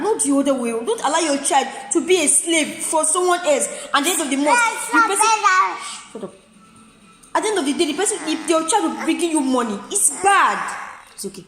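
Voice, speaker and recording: A high, sing-song, slightly bright voice moves briskly through this vlogger's impassioned plea to mothers, recorded in a large hall with roomy sound and faint music in the background. She begs, says things again and again, and pauses to attend to her child.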